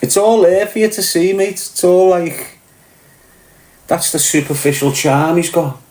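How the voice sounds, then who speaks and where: A man's voice: high-pitched, unhurried, darkish tone, echoey room. A man with a Scouse accent talking bluntly and with swearing in a casual monologue, often asking if the listener gets what he's saying. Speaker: podcast host.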